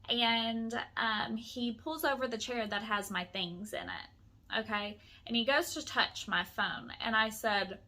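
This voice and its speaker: A woman in her twenties recounts a story straight to camera in casual, rambling speech. Her voice is bright and slightly high, and she peppers it with fillers and acted-out quotes. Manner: chatty, full of "like" fillers, acts out quotes. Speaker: vlogger.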